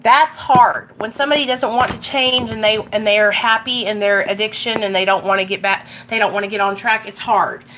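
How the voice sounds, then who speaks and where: A woman's voice: mid-range voice, steady tone, brisk, hardly any pauses, bright, forceful tone, a little hiss or hum. A young woman, talking bluntly and emphatically in a casual motivational vlog, swearing and repeating herself for emphasis. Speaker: recovery vlogger.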